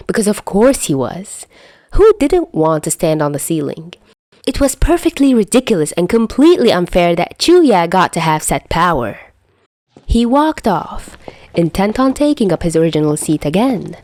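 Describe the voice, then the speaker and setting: Expressive woman reading a story. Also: lowish voice, no echo, studio quality. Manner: expressive storytelling with soft whispered asides. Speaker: podfic reader. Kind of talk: audiobook narration of fan fiction.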